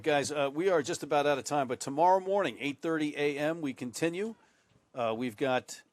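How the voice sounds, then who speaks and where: A man calling a college rugby broadcast as the play-by-play commentator, chatting with his partner and throwing to the sideline reporter. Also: a little high. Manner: easygoing, hands off to the sideline.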